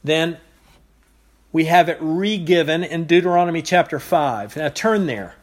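A man preaching an expository sermon, teaching in a measured way with pauses and repeated phrases. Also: fairly high pitch.

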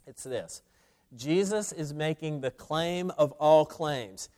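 Emphatic male preacher, slightly high voice. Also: expressive, slow pace, a little mellow. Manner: emphatic preaching with repeated words and restarts. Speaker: pastor. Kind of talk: expository sermon.

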